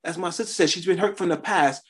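A man's voice: high voice, quick pace, breathy edge. A man preaching a sermon, sharing his testimony in a conversational style with emphatic rises.

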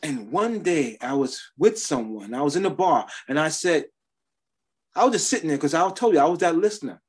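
A man's voice: on the high side, expressive, a little fast, a little mellow, breathy edge. A man preaching a sermon, sharing his testimony in a conversational style with emphatic rises.

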